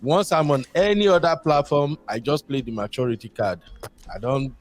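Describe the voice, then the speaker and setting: A Nigerian man calls in to a talk show and chats casually, rambling and slipping into Pidgin. He speaks at normal speed with a medium-pitched voice.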